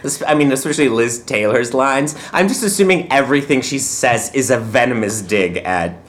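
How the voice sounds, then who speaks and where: Lively-voiced man recapping a film. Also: mid-range voice, normal speed. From Poland. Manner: wry, recaps the plot with dry jokes. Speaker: podcast co-host. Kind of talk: casual movie recap chat.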